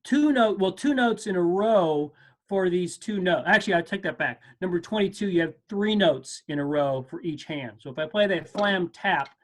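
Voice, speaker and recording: A man's voice: sits high, moderate pace. Guy giving a drum lesson on a video call, chill and encouraging, fixes himself mid sentence. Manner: casual, encouraging, self-correcting. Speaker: percussion teacher. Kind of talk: online music lesson. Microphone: video call mic.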